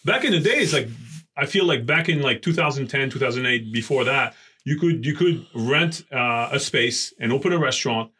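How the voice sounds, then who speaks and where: French man with a bright voice. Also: medium pitch, animated, slightly rough. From France. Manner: rambling, halting delivery. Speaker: chef guest. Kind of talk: casual chat.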